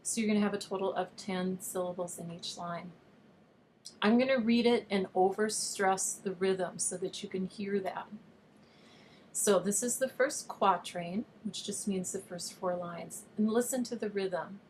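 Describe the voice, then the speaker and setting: A woman's voice: mid-range voice, a little slow, darkish tone, slight background noise. A woman teacher giving a patient, explanatory recorded video lesson, at times reading verse aloud with an overstressed rhythm. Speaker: online high school teacher.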